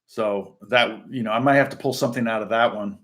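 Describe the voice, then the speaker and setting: A lowish, slightly bright male voice with fairly even intonation moves a little fast. He's a session guitarist loosely answering viewer questions in a rambling, anecdotal way, with many fillers and restarts, and he shows things on guitar between phrases while guitar plays in the background.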